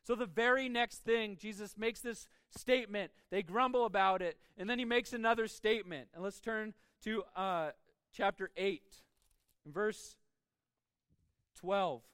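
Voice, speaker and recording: A man preaching a sermon as pastor, emphatic, with his voice swinging between soft and loud. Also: sits high, a little slow, clean tone, no room sound.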